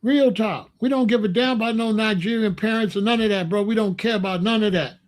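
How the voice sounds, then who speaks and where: Man, high voice, angry ranting commentary host, blunt and slangy. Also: fairly quick. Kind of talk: heated livestream rant.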